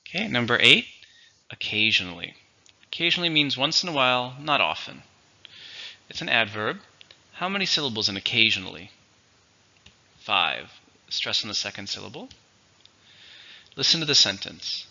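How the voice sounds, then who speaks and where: A man teaching English vocabulary in a slow, clear, instructive way. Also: mid-range voice, big pitch swings, bright, forceful tone. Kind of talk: vocabulary lesson. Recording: dull, lo-fi recording.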